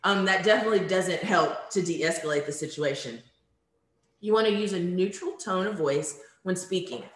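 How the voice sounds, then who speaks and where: Leading a workshop from home over a video call, a woman keeps things friendly and chatty, saying um often. She has a lowish voice at a moderate pace, and the room gives the recording an echo.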